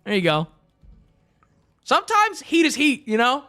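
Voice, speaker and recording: Playful high-voiced young man streaming. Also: huge pitch swings, measured pace, sharp tone, dry recording, studio quality. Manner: joking, rambling, playful. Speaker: livestreamer. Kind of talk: casual stream chat with viewers.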